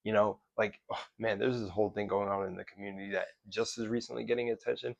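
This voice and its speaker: This man vlogs in a casual, motivational way, swearing freely and restarting his sentences as the thoughts come. His voice sits low with a gravelly fry. The recording is dry and close. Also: little pitch movement, fast talker, no room sound, highs cut off. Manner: loose, profane, rambling with restarts. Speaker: self-development vlogger. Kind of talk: casual motivational talk to camera.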